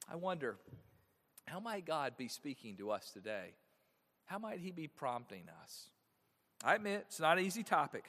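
A man in a slightly higher register preaches a Sunday sermon in a church sanctuary. His voice swings from loud, stressed phrases down to quiet endings. A long reverb trails each phrase. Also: moderate pace. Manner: animated preaching with wide swings in loudness. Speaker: pastor.

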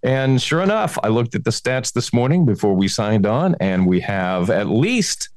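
A man's voice: mid-range voice, normal speed, no room sound. A man co-hosting a comedy podcast, chatting casually and laughing often. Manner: jokey, laughs often, animated. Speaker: podcast co-host.

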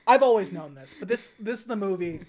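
A woman's voice: medium pitch, brisk. A young woman co-hosting a casual chat, retelling scenes animatedly and acting out the lines. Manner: animated retelling, acts out quotes.

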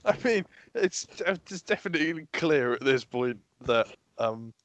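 A man's voice: medium pitch, lively intonation, a little slow, dry recording. A man hosting a podcast in casual chat, making dry, blunt remarks. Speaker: podcast host.

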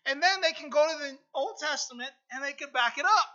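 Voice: high-pitched, a little fast, hardly any pauses, bright, forceful tone, muffled recording. A pastor preaching a sermon and reading scripture, earnest, repeating phrases and asking "right?" often. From United States.

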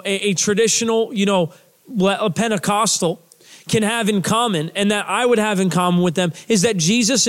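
High-voiced man preaching conversationally. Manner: conversational preaching, many fillers and restarts; emphatic repetition of key phrases. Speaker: pastor. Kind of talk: sermon.

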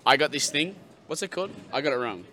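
A man on a live podcast, recounting a match in animated, laughing banter. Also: on the high side, fast talker, slight background noise. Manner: animated, laughing, acts out crowd reactions. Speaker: podcast co-host.

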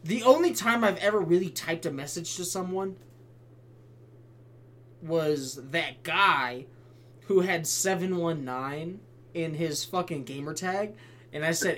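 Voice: mid-range voice, unhurried, long pauses. Ranting podcast co-host, faint hum. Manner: animated ranting, heavy swearing. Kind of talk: casual chat.

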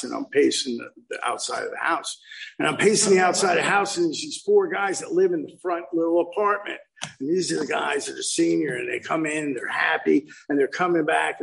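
A man's voice: on the high side, vocal fry, fairly bright tone, low-quality recording. A man in his fifties telling his recovery story at a meeting, acting out the quotes with lots of animation. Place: meeting room.

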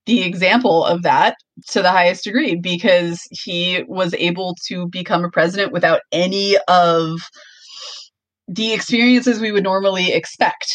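A woman's voice: fairly low pitch, no room sound. A young woman co-hosting a podcast, chatting casually and full of likes and ums. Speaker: podcast co-host. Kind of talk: casual chat.

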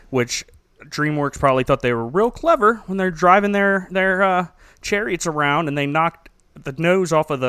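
A man with a somewhat high voice jokes his way through a movie recap, laughing often and telling it with animated energy. The sound is dry and close, with no room around it. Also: smooth, no echo. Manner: animated, laughing, joking storyteller.

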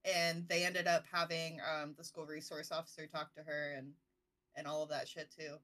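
A woman co-hosts a relaxed podcast and talks frankly about family matters. Her voice is bright and sharp. She keeps it matter-of-fact, with crude asides. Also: low-pitched, normal speed. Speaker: podcast co-host, parent. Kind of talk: casual podcast chat.

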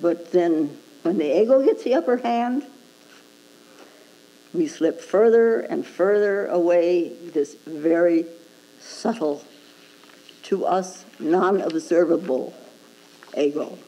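A woman's voice: fairly low pitch, takes it slowly, long pauses, dark tone, low-quality recording. A woman Zen teacher giving a dharma talk, prodding her listeners with rhetorical "hmm?" questions and chuckling at her own points.

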